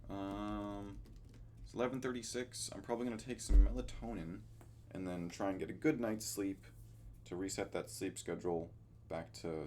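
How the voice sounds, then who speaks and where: Young male vlogger with a deep, low voice, casual and meandering, easygoing, pokes fun at himself. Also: warm tone, slight background noise. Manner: rambling, loses his train of thought; easygoing and self-deprecating. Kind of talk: casual weekly recap vlog.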